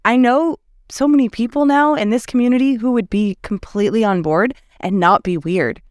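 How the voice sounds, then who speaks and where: Podcast guest, mid-pitched, animated and sarcastic, dry close mic. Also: moderate pace, no echo. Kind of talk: casual chat.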